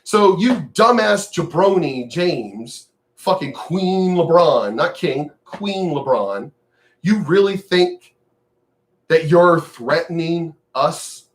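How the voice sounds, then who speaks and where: A man's voice: fairly high pitch, animated, slow pace. An older, retired man who vlogs, ranting to camera in a profane, sneering, mocking way. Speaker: vlogger. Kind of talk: angry direct-to-camera rant.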